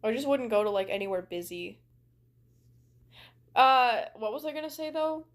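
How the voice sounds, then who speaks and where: The speaker is a young adult woman with a Canadian accent who rambles through casual chat while gaming on stream, using lots of "like" fillers. She sounds animated, with a voice on the high side, at a moderate pace.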